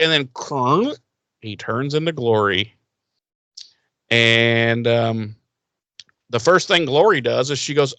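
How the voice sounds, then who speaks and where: A man co-hosting a TV recap podcast, talking casually with sarcasm and profanity and acting out characters in quick voices. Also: medium pitch, bright, forceful tone, clean tone, dry recording. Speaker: podcast co-host.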